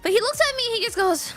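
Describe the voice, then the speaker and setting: A woman in her mid-twenties chatting casually on a gaming stream, telling stories with lots of giggles. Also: very high voice. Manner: giggly, animated storytelling.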